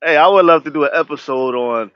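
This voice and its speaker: A man's voice: fairly high pitch, quick pace, clean tone, no room sound. A man hosting an interview show, rambling with many restarts and reacting with "wow.". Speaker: host. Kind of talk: casual interview. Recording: dry, dull lo-fi sound.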